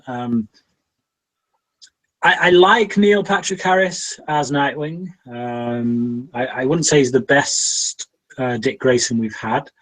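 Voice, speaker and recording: A man's voice: medium pitch, a bit bright, poor audio. A man hosting a film podcast, talking casually with frequent hesitations and restarts. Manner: hesitant, many ums and restarts. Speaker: podcast host.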